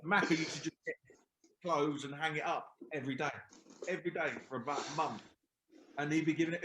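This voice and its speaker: A man's voice: fairly high pitch, fast talker, a bit bright, a little hiss or hum. A middle-aged man, a former footballer guesting on a podcast, telling rambling stories full of restarts. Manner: rambling, many restarts and quoted asides. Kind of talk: casual chat, storytelling. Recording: roomy echo.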